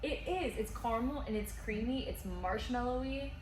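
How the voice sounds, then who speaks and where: A woman's voice: a little high, normal speed, darkish tone. A woman tasting whiskey and chatting in a bubbly way, laughing often. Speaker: whiskey taster. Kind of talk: casual tasting chat. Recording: echoey room with noise.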